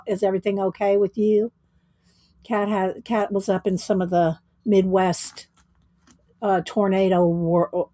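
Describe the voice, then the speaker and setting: A woman's voice: mid-range voice, a little mellow. A woman hosting a casual livestream, greeting viewers by name and chatting in a rambling way. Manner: slow, rambling, with fillers and small laughs. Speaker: livestream host.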